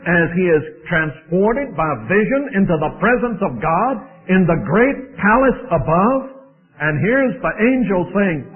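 A high-voiced man delivers a sermon at an unhurried, deliberate pace. He stresses his points by repeating phrases. The sound is thin and tinny, like an old archival tape. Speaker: preacher.

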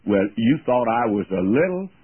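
An older man giving a folksy radio Bible teaching, plain-spoken and slowing down to quote scripture. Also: medium pitch, sing-song, husky, dry recording. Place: radio studio. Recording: tinny phone-like radio broadcast, dry.

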